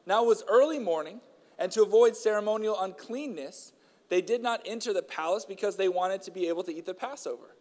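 A man with a fairly high voice delivers a sermon, talking casually and with some fillers before reading long passages aloud with strong emphasis. His voice carries a long reverberant tail, as if he is speaking in a large hall. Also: fairly quick, darkish tone. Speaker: preacher.

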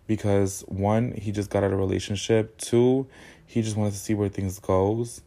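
A man hosts a podcast in a casual storytelling monologue, candid and full of sassy slang. His voice sits fairly low with a gravelly, fry-laden edge. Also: flat delivery, normal speed, mellow. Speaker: podcast host.

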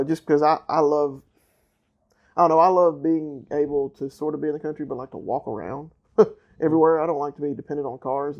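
A man's voice: on the high side, darkish tone, highs cut off. A man from the American South with a Southern accent, an easygoing co-host who rambles and laughs often in casual chat.

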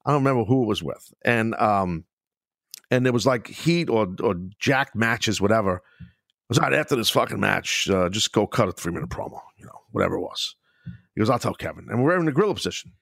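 A middle-aged man with a low voice tells stories in a loose, animated, heavily profane way, often breaking into laughter. He sits close to a dry microphone. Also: fairly quick, creaky, dry recording. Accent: New York. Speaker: podcast host, former wrestler. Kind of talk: casual storytelling chat.

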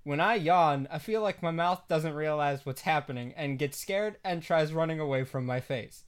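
Young male podcast co-host, higher-pitched, playful and giggly. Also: moderate pace, clean tone. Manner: playful, laughs often, jokey. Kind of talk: casual podcast chat.

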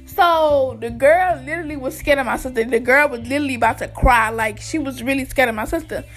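High-voiced young woman telling a storytime. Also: a little fast, fairly bright tone, soft background music. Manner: chatty, addresses viewers as y'all, slangy retelling. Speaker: vlogger. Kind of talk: casual storytime.

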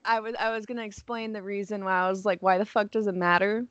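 A woman's voice: medium pitch, level tone, quick pace, fairly bright tone, no echo, dull audio. A young woman in casual chat among friends, speaking candidly and bluntly.

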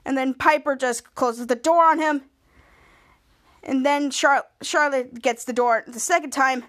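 Female podcast host, high voice, casual rambling episode recap. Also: a little slow, fairly bright tone. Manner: rambling, lots of "and then" restarts.

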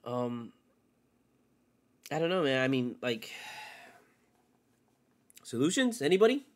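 This man's sing-song voice moves slowly as he hosts a sports podcast alone, ranting and swearing. His delivery swings from loud eruptions down to quiet muttering.

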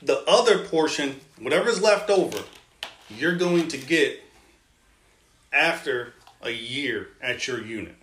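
A man's voice of ordinary pitch spins army yarns in a relaxed, chatty way, slipping into the voices of the people in his stories. He sounds like he is in a room with plenty of echo. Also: unhurried. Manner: lively storyteller, quotes others in his tales. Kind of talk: casual storytelling. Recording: roomy echoing room.

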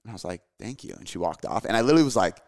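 A man's voice: lowish voice, expressive, a little mellow. A man in his thirties, chatting casually on a podcast and swearing freely. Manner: fast, loose, swears a lot, says dude. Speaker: podcast co-host, father. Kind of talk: casual chat.

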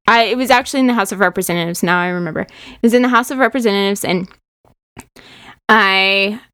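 A woman's voice: mid-range voice, a bit bright, clear, resonant tone, dry recording, clean studio sound. A woman from Oklahoma chatting casually as a co-host, explaining state trivia in a talkative way. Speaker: teacher co-host. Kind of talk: casual chat.

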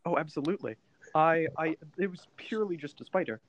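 A man's voice: fairly high pitch, expressive, fairly quick, muffled recording, slight background noise. A young man co-hosting a podcast, making dry, wry remarks in casual chat. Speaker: podcast co-host.

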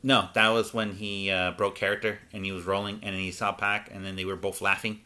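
A man with a fairly low, bright and forceful voice hosts a loose conversation. He talks in halting stretches, full of pauses and restarts, and then speeds up when he gets going. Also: little pitch movement. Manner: halting, many ums and restarts. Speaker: podcast host. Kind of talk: casual wrestling chat.

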